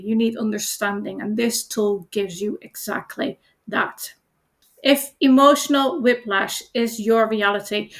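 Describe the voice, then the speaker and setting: A woman coach reads a reassuring chat reply aloud for a product demo. Her voice sits a little high and carries a gravelly texture. She speaks with gentle emphasis, lingering on comforting lines.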